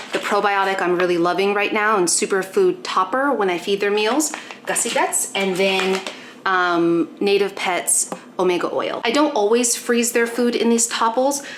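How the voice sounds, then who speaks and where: Against a noisy background, a young woman with a medium-pitched voice talks casually through her dogs' morning care for a home vlog. She explains things as she does the chores and occasionally switches to baby talk for her pets.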